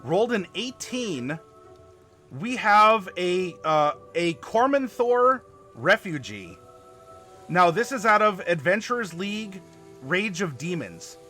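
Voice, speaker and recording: A man hosting a live tabletop worldbuilding stream, chatting to viewers and halting over fillers as he spells out dice commands. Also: sits high, big pitch swings, sharp tone, faint music behind. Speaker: game master and stream host.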